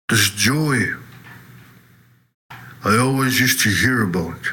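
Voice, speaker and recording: Slow, bright-voiced man telling his story. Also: medium pitch, slightly rough, low-quality recording. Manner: halting, conversational, with tag questions like "you know" and "eh". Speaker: person giving a testimony. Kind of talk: personal testimony storytelling.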